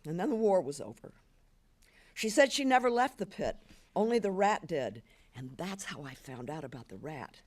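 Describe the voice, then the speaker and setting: Intense, expressive older woman reading. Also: fairly low pitch. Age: 70s. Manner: intense, expressive, slowing for weight. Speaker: reader. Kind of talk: dramatic literary reading. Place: symposium event.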